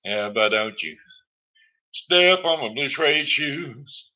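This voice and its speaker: A man's voice: lowish voice, slow, gravelly, bright, forceful tone, full character voice. A man putting on a swaggering male rock-and-roll crooner, singing with hip-shaking showmanship. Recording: dull lo-fi stream audio.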